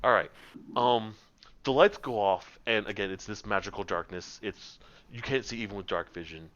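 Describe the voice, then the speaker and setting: A man's voice: lowish voice, moderate pace, lo-fi sound. A man narrating as game master in a casual online tabletop game, with many fillers. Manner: animated, with fillers.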